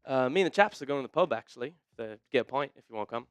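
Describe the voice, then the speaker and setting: A man's voice: medium pitch, expressive, rapid-fire, smooth, dry recording, lightly acted. A man putting on a British accent, voicing a casual bloke off to the pub. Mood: breezy. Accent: British, put on.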